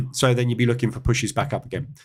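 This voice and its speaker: A man's voice: medium pitch, animated, brisk, slightly rough. A man hosting a live trading stream, giving casual market commentary and thinking aloud with many fillers and asides.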